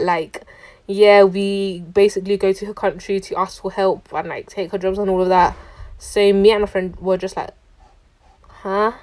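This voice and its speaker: A young woman tells a travel story straight to camera. She sounds chatty and indignant, and her sentences are full of "like". Her pitch sits in the middle range. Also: darkish tone. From London, England. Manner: chatty, indignant, heavy use of "like". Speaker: traveller recounting a trip.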